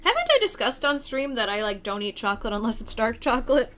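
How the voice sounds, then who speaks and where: A woman's voice: a little high, sing-song, fast talker, a bit bright. A young woman streaming a video game late at night, chatting casually with a playful, self-deprecating manner.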